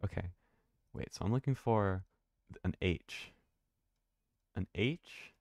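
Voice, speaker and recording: A man's voice: low voice, slow pace, creaky, no room sound, studio quality. A man thinking aloud and swearing casually while live-streaming a video game.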